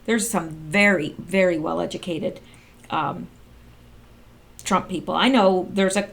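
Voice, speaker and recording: A woman's voice: on the low side, steady tone, slow pace, vocal fry. Sarcastic woman reading and reacting. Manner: sarcastic, exclaims and reacts while reading figures. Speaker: political commentary vlogger. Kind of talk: casual commentary reading documents aloud.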